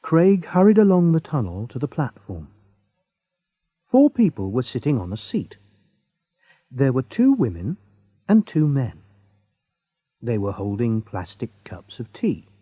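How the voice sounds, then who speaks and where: Slow deliberate male story narrator. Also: mid-range voice, very animated, husky, dry recording, dull audio. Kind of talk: slow graded-reader narration.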